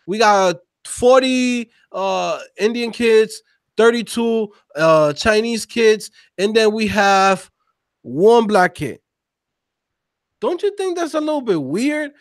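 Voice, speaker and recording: A man co-hosting a casual podcast conversation, talking in an animated, slangy, emphatic way. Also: high voice, dry recording, clean studio sound. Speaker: podcast co-host.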